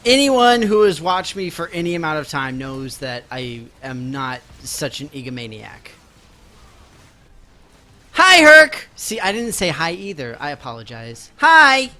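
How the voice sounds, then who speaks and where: Chatty young man streaming a game, bright voice. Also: fairly high pitch, normal speed, few pauses. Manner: chatty, self-mocking, talks to chat while playing. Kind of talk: casual live-stream chat. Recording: game music playing faintly behind.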